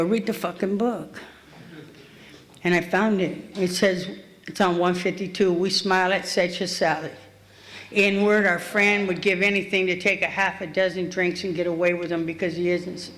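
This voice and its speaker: A woman's voice: lowish voice, level tone, normal speed, a bit bright, slight background noise. Blunt streetwise woman telling her recovery story. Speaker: recovery meeting speaker. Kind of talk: personal recovery story at a meeting. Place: meeting hall.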